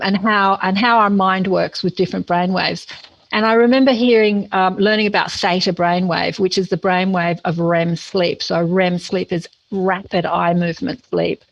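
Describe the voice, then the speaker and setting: A middle-aged Australian woman chats as an interview guest, animated and quick to laugh as she explains things at length. Her voice sits in an ordinary middle register. The recording is dry and close. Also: medium pitch, no echo, rough recording. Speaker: guest, spiritual teacher and podcaster. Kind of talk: casual interview chat.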